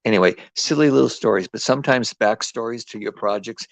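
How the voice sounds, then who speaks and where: East Coast male craft host, lowish voice, rambling live chat, dry booth-like sound. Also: brisk, creaky, no room sound. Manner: rambling, chatty, full of ums and restarts. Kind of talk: casual live craft demo.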